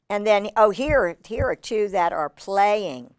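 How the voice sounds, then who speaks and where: A woman reading a picture book aloud to children, animated and exclamatory with chatty asides. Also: mid-range voice, measured pace, hardly any pauses, smooth, dry recording. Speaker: children's storyteller.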